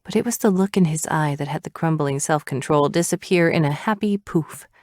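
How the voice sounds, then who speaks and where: A woman with a low voice reads a first-person romance audiobook with expressive, breathy asides. The recording is dry and close, with no echo at all. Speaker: audiobook narrator.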